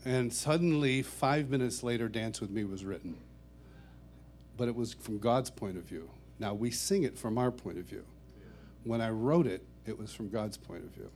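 A middle-aged man, a worship songwriter, telling personal stories to a church audience in a warm, chuckling, self-deprecating way. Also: medium pitch, moderate pace. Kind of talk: anecdotal storytelling talk.

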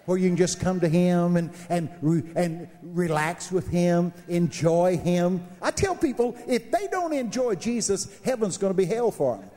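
Animated, joking preacher man in a reverberant hall. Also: normal speed, hardly any pauses. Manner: animated, joking, swings between high shouts and low asides. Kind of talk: humorous sermon.

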